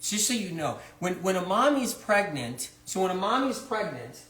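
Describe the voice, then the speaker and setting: A man's voice: high voice, very animated, moderate pace, a bit bright. A man hosting a live social media talk, speaking in rambling, conspiratorial asides. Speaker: host. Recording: roomy echo.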